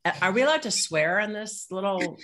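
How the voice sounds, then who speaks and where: A woman's voice: mid-range voice, expressive, a little fast, fairly bright tone. A woman speaking on a panel, telling candid personal stories with frank humor and some swearing.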